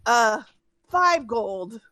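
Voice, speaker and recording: A woman's voice: fairly high pitch, lively intonation, very slow, sharp tone, no room sound, heavily acted. A woman voicing a shifty male bandit underling who stalls and hedges his answers in a tabletop game. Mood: evasive. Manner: hesitant, evasive.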